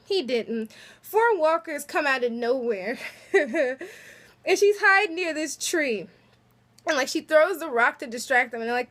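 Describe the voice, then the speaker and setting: A woman's voice: high-pitched, fairly bright tone. A woman casually recapping a TV episode on her vlog in a chatty, giggly way, full of filler words. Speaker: vlogger.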